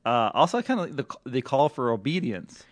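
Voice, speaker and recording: A man's voice: medium pitch, big pitch swings, fairly quick, no echo. Joking podcast host guy, dry close sound. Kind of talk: casual chat.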